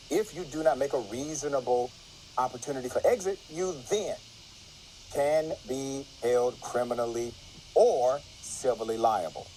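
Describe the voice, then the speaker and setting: A man's voice: medium pitch, mellow, low-quality recording. A man reading a news article aloud with legal commentary, marking every quotation by saying quote and end quote.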